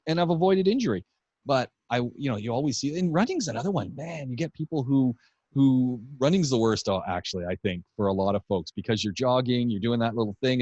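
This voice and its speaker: A man hosting a podcast, telling relaxed, rambling anecdotes in casual chat. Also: fairly low pitch, no echo. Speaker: podcast host. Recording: dull dry podcast audio.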